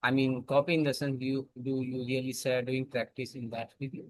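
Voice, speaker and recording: A man with an Indian accent in a casual English practice chat, halting and searching for his words. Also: mid-range voice, little pitch movement, no echo, rough recording.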